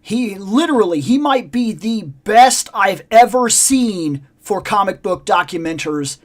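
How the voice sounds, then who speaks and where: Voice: mid-range voice, lively intonation. A podcast co-host in casual chat, telling long rambling stories and stretching words for emphasis. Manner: rambling storyteller, drawn-out emphasis.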